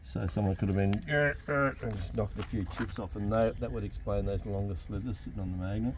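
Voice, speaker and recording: A man's voice: on the low side, fairly even intonation, fast talker. A man, a father who owns the car, explaining mechanics plainly with dry humour in a home garage. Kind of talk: casual explaining. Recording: clear background noise.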